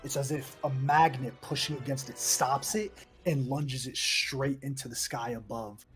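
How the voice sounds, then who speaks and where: A man narrating a tabletop game as game master in a descriptive, measured storytelling manner. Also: medium pitch, fairly even intonation, fairly bright tone, soft background music.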